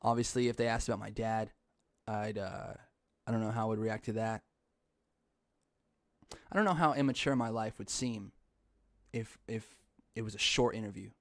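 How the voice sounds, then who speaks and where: A man's voice: on the low side, steady tone, normal speed, long pauses, dry recording, studio quality. A young man hosting a podcast in casual chat, rambling, often laughing and swearing offhandedly. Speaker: podcast host.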